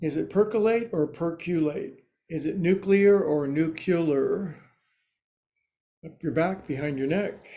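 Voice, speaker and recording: A man guiding a yoga class, giving slow cues with playful, quirky asides. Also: a little high, warm tone. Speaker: yoga teacher.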